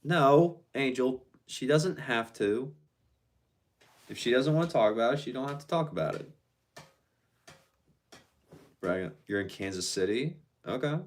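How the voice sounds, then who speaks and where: A man's voice: mid-range voice, expressive, moderate pace. A man casually chatting on a live stream, reading out viewer comments and answering them in a laid-back, slangy way.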